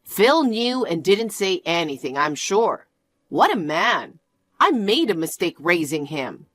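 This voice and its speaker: A woman voicing a kind, apologetic middle-aged mother in a one-voice story narration, speaking gently. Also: lowish voice, sing-song, slow, no echo, full character voice. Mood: concerned.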